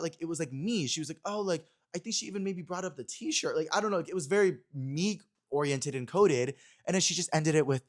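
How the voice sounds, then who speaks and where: A man's voice: mid-range voice, brisk. A young man hosting a podcast, telling a story in casual, gossipy chat full of slang and fillers. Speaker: podcast host. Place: Los Angeles.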